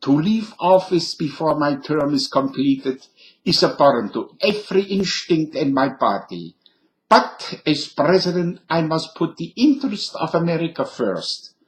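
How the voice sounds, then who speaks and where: A man putting on a thick, exaggerated German accent to play a pompous old general reading a speech. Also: fairly high pitch. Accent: put-on exaggerated German.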